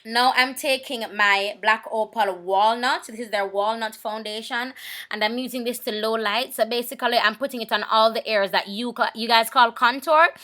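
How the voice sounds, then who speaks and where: Woman, bright voice, a touch high, chatty makeup tutorial voice-over. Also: steady tone, normal speed. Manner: chatty, repeats herself, talks while working. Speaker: makeup vlogger.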